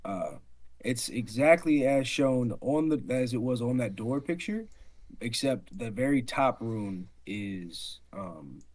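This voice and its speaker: A man's voice: medium pitch, lively intonation, slow pace, darkish tone. A man running a tabletop game as dungeon master, describing scenes with frequent fillers.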